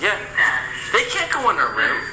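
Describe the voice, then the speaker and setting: Man, excitable joking banter, high lively voice, loud background noise, phone recording. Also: moderate pace, echoey room, big-room sound.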